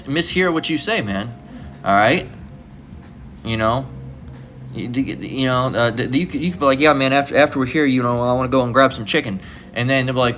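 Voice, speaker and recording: A man's voice: medium pitch, fairly bright tone, slight background noise. A man giving an informal, rambling scripture lesson, swearing freely and ending many lines with "all right?". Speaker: preacher.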